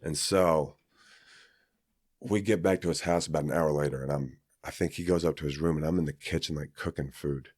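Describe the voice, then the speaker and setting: Super deep voiced guy rambling through a story, dry close mic. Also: steady tone, fairly quick, a little mellow, slightly rough, no echo. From Kansas, US. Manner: rambling, with many fillers and restarts. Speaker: podcast guest. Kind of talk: casual storytelling.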